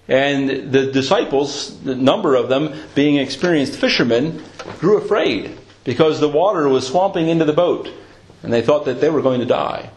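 A man preaching a sermon, retelling a scripture story in a storytelling manner and lifting his voice at dramatic moments. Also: on the high side. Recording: roomy echo.

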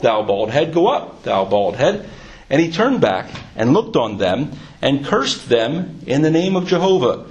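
Fervent preacher man, fairly high voice. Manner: reads King James scripture aloud, then explains it with rising fervor. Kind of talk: sermon with scripture reading.

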